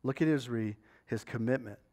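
A man's voice: medium pitch, normal speed, dark tone. A man preaching a sermon, retelling a scripture story and often turning to the congregation with rhetorical questions.

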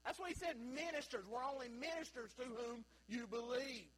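A man preaching a sermon in a church, swinging from loud, high bursts down to low, quiet stretches. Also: moderate pace, slightly rough, poor audio. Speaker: pastor. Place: church sanctuary.

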